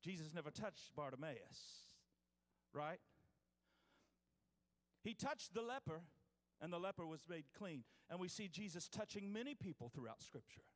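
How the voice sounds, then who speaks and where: A man's voice: sits high, lively intonation, normal speed, pauses often, big-room sound. A man preaching a sermon as pastor, reading scripture aloud with restarts and calling out to his congregation.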